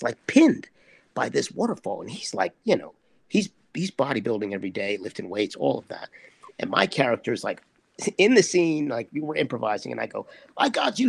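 Gravelly, husky man telling a story. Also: mid-range voice, no echo. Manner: animated storyteller, acts out quotes. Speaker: actor guest. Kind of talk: anecdote telling in conversation.

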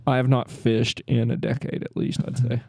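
A man's voice: medium pitch, level tone, normal speed, creaky, darkish tone, no room sound. A man, rambling and joking as a podcast co-host. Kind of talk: casual chat.

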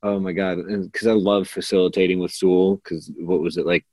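A man's voice: deep voice, level tone, brisk, darkish tone, dry recording. An American man from Kansas, a podcast guest, talking casually and effusively with lots of filler words. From Kansas, United States. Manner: chatty and effusive, full of "like" and "oh my God". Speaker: podcast guest, class facilitator. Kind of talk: casual conversational interview.

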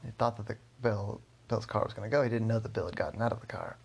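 A man with a gravelly voice telling a story casually, rambling with fillers. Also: lowish voice, fairly even intonation, fast, darkish tone.

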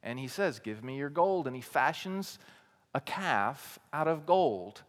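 A man preaching as a teaching pastor. He swings between quiet, low emphasis and loud, raised declarations, and he asks a lot of rhetorical questions. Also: expressive, measured pace, long reverb tail. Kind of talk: sermon.

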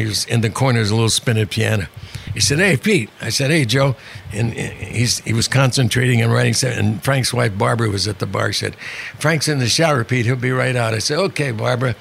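An older man telling show-business anecdotes in a relaxed interview, wry and conversational, acting out the people he quotes. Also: mid-range voice, gravelly, a little hiss or hum. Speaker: guest, comedian. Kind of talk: storytelling interview chat.

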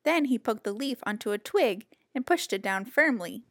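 A woman reading a children's picture book aloud in a gentle, expressive storytelling voice. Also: fairly high pitch, normal speed, no echo, studio quality.

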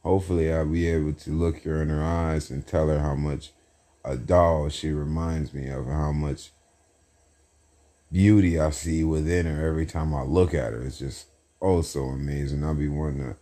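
A man's voice: rumbling low, normal speed, darkish tone. A young man hosting a solo podcast in a casual, rambling monologue, repeating phrases and chanting hype lines with slang. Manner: repetitive, hype chanting, self-talk with slang. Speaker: podcast host.

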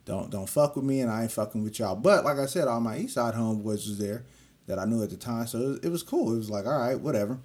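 A man's voice: medium pitch, fast talker. A young man telling a personal story in casual, profane street slang, acting out what others said to him. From California. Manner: animated, profane street slang, acts out quoted voices.

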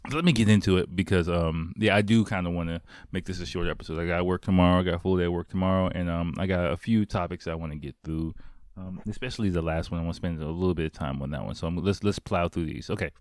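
A man's voice: low voice, fairly even intonation, quick pace, darkish tone, no room sound, studio quality. A man hosting a casual solo podcast from home, rambling and swearing freely and laughing often. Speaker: podcast host.

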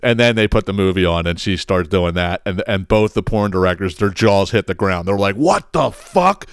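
A man hosting his own podcast, telling a story in a casual, profane and animated way, acting out the quotes. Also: deep voice, a little fast, smooth, no echo. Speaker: podcast host.

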